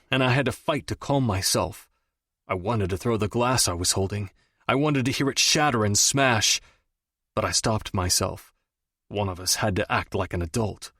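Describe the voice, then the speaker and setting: A man reading a romance audiobook in the first person, measured and even. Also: on the low side, no room sound, clean studio sound. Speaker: audiobook narrator.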